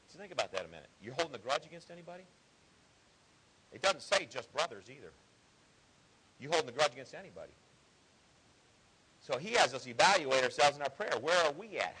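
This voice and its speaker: Guy preaching, kinda husky, pushy bright tone, chatty down-home sermon. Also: medium pitch, poor audio. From Ohio. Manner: conversational, earnest preaching with folksy asides.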